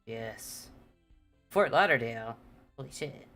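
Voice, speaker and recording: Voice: mid-range voice, expressive, slow pace, fairly bright tone, soft background music. A streamer chatting casually with viewers and reading aloud, laughing often and stumbling over words. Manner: self-deprecating, chats with viewers.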